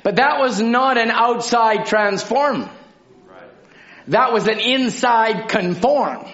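A man preaching a sermon, telling stories from his own life with animated, dramatic delivery and occasional bursts of shouting. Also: extremely high pitch, slow pace. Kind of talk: sermon with personal testimony. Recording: dull lo-fi sound.

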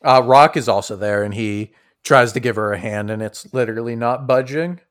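A man's voice: mid-range voice, moderate pace, clear, resonant tone. Laid-back male game master. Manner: laid-back, chuckling, lots of fillers. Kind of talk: narrating a tabletop game.

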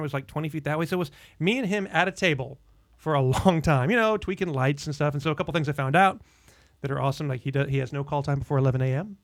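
A middle-aged man telling animated, laughing anecdotes as a guest on a casual podcast. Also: on the high side, dry recording, studio quality.

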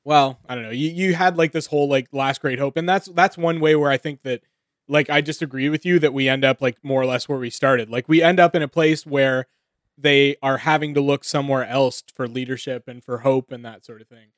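A man's voice: mid-range voice, steady tone, a little fast, no echo, studio quality. Laid-back reflective man podcaster. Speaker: podcast co-host. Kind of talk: casual group chat.

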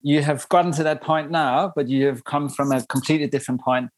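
A man's voice: a little high, little pitch movement, fairly quick, no echo. Dry-sounding male podcast host. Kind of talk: interview introduction.

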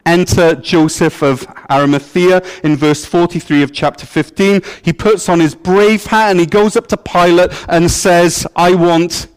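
A man's voice: high voice, steady tone, moderate pace, few pauses, clear, resonant tone. A man preaching a sermon as pastor, in a playful, joking storytelling manner. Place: church.

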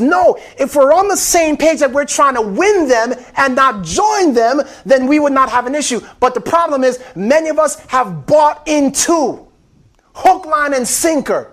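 A man preaches with real fervor, his voice sitting unusually high. He drives points home by repeating his phrases and keeps addressing the congregation as beloved. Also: lively intonation, normal speed, a bit bright. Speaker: pastor. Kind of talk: sermon.

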